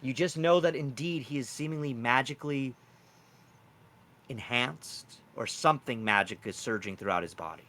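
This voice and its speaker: A man narrating a tabletop game as game master, with an animated delivery that jumps in pitch and volume. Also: moderate pace.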